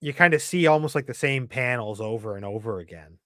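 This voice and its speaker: A man's voice: medium pitch, expressive, fairly quick, a bit bright, dry recording. Dry-witted man in casual chat. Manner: dry wry remarks. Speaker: guest.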